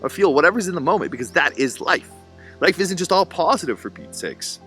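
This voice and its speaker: A man's voice: fairly high pitch, sing-song, brisk, pushed and bright, faint music behind. A young man earnestly reflecting on being a single dad, in a spiritual self-help tone. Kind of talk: reflective personal vlog monologue.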